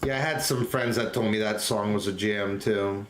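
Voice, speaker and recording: A man's voice: lowish voice, fairly even intonation, moderate pace, a little hiss or hum. A young man chatting casually on a late-night stream from his home, rambling and goofy, laughing often and getting tired. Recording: echoey room, faint keyboard typing.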